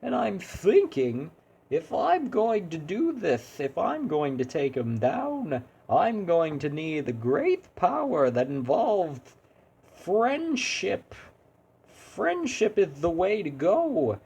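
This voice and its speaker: A man voicing a male hero who sounds overly cheery while dwelling on grim things, with a drawn-out, sing-song delivery. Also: sits high, huge pitch swings, vocal fry, a little mellow, breathy edge, highs cut off, voice pushed up, heavily acted. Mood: mock cheery.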